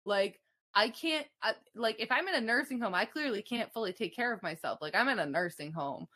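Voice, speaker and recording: Bright-voiced woman with a Minnesota twang. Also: fairly high pitch, expressive, fairly quick. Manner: emphatic and profane, with rising outbursts. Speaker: podcast co-host. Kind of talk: casual chat.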